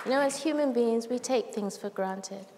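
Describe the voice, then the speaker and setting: A woman's voice: fairly high pitch, moderate pace, a crowd in the background. A woman giving a heartfelt public talk on a large event stage, telling stories animatedly with quoted dialogue. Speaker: speaker at a live event. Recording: long hall reverb, faint noise.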